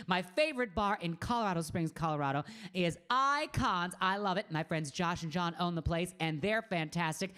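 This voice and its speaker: A woman's voice: on the low side, expressive, normal speed, few pauses, a bit bright, clear, resonant tone. A middle-aged woman, a singer hosting her own live stream, chatting in a bubbly, campy way and greeting viewers by name from a room at home. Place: home room with a green screen.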